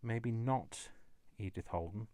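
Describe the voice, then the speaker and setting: A man's voice: fairly low pitch, takes it slowly, mellow, no room sound. A man hosting a casual crafting vlog, joking with himself and scolding himself by name as he works. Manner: jokey, self-mocking, chuckles. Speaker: crafting channel host.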